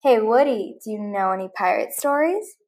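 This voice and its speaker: A woman's voice: medium pitch, animated, moderate pace, darkish tone, natural voice. A woman voicing a bossy male piggy bank toy in a storybook reading. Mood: sly.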